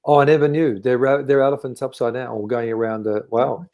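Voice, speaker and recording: Warm-voiced man telling animated stories. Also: medium pitch, fairly quick, few pauses. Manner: animated storyteller, acts out quoted voices. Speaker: guest. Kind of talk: casual conversation, anecdote telling.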